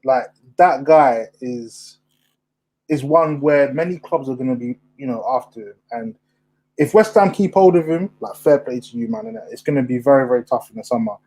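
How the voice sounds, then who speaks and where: Animated young man, mellow tone. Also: mid-range voice, normal speed, poor audio. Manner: animated, slangy, asks questions. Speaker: podcast host. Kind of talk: casual chat.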